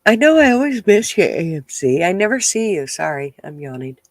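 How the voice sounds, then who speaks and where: A man's voice: high voice, sing-song, a little fast, no echo. A congested man hosting a rambling, casual livestream chat with a nasal, stuffed-up voice. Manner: rambling, chatty, swears casually. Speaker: podcast host.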